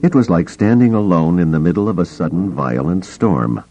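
Low-voiced guy reading an audiobook, dramatic, voice swoops up and down, bit muffled. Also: animated, moderate pace, warm tone. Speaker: audiobook narrator. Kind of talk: scripted audiobook narration.

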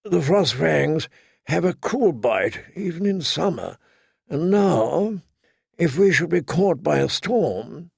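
A man's voice: a little high, very animated, takes it slowly, gravelly, husky, dry recording, clean studio sound, full character voice. A man playing a cautious knight with a thin, tired voice. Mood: weary.

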